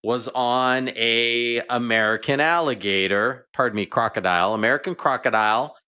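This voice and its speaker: A middle-aged man, a veterinarian guest, chatting and telling animated stories in a radio interview. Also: mid-range voice, normal speed, smooth.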